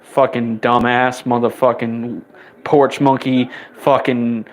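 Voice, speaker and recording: A man in his twenties delivering an angry, profane rant, his voice jumping higher whenever he gets riled up. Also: little pitch movement. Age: 20s. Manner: heated, rapid-fire swearing, voice spiking up when riled.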